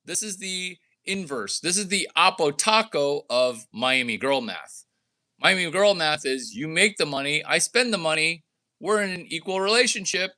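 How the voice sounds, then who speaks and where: A man's voice: lively intonation, moderate pace, sharp tone. A man giving a brash, rambling monologue about deals and money, jumping between mock voices and his own. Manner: brash, provocative, jumps between wild pitch swings and mock voices. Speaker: entrepreneur vlogger.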